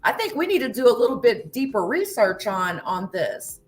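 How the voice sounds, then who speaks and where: A woman's voice: on the high side, sing-song, normal speed. A woman doing casual reaction commentary, sarcastic and incredulous, swearing freely and chatting to her viewers. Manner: chats to viewers in live chat. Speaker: online commentator.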